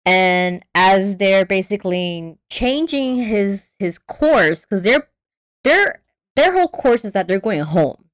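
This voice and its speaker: Animated woman recapping a film, swearing. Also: on the low side, moderate pace, no room sound, studio quality. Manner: animated, acts out characters' lines, swears freely. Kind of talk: casual chat, retelling a film plot.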